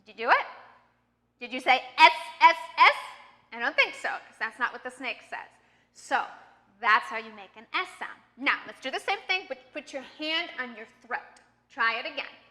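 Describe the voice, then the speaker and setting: An American woman coaching accent and pronunciation with a high, bright voice. She talks clearly and patiently, coaxing learners along. The sound trails off in a long reverb. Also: animated, moderate pace. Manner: clear, patient, encouraging teacher talk. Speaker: accent trainer. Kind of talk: online pronunciation lesson.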